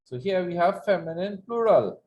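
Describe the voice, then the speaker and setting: A man's voice: sits high, lively intonation, normal speed, dull audio, slight background noise. A man teaching an Arabic lesson, explaining verb forms in English and having students repeat after him. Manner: patient, repeats words for students to echo. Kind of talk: classroom language lesson.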